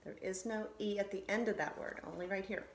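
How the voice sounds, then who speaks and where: A woman's voice: medium pitch, steady tone, fairly quick, roomy sound, a little hiss or hum. A woman teacher giving a recorded phonics lesson to children, patiently sounding out syllables and reassuring them.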